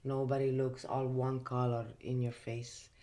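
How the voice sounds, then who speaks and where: A woman's voice: rumbling low, little pitch movement, unhurried, dark tone. A woman from Italy with an Italian accent, chatting casually in a makeup vlog from her bedroom, emphatic and full of fillers. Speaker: host.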